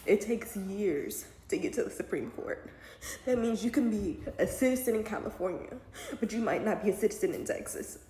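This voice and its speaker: A woman talks directly to her viewers, emotional and close to tears as she reacts. Her voice sits in an echoey room with a faint noise underneath. She speaks at a middle pitch. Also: mellow. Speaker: mom and online commentator. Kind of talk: casual reaction commentary.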